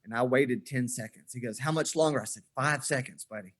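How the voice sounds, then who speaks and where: Fairly quick and mid-range in voice, a man in his forties chats casually as a podcast guest, an animated storyteller who performs the dialogue as he goes.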